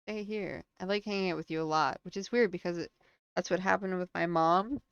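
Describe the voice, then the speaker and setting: Woman streaming a game live, lowish voice with some fry, reads the text out loud, dry kinda dull mic. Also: dry recording. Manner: reads on-screen text aloud between quick reactions.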